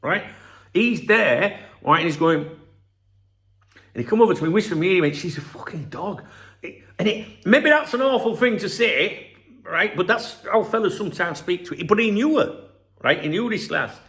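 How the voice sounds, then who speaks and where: Man, middle-aged, high-pitched voice, rambling, swearing, chatty vlog storytelling. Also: animated, moderate pace, a bit bright. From England, Scarborough. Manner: rambling, profane, storytelling with asides. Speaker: football channel host. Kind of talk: casual vlog monologue.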